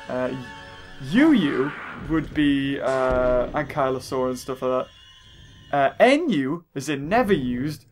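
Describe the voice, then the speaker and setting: A man giving rambling, excitable gameplay commentary as a let's play host, often laughing and shouting at the game. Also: high voice. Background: game music.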